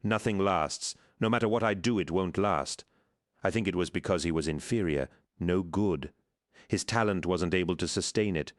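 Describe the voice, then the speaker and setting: A man's voice: deep voice, moderate pace, natural voice. A man voicing a troubled young female artist with tearful, pleading and bitter speech. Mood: furious.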